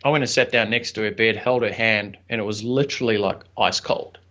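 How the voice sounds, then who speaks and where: A man's voice: lowish voice, brisk, a bit bright. A young man, a podcast guest and entrepreneur, telling a personal story in an earnest, reflective, chatty way with some fillers. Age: young adult. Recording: slightly dull lo-fi audio.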